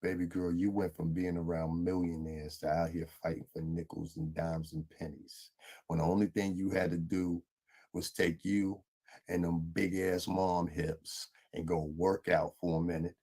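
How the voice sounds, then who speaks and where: Deep, husky man lecturing. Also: level tone, normal speed, mellow. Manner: lecturing, scolding tone. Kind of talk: commentary monologue.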